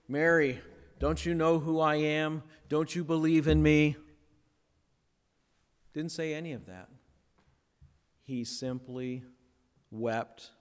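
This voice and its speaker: A male pastor delivers a sermon in a slightly high voice, taking his time with long, deliberate pauses. He sinks to a near hush on key words and builds back up. A long reverb trails each phrase, as in a large church hall. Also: clean tone.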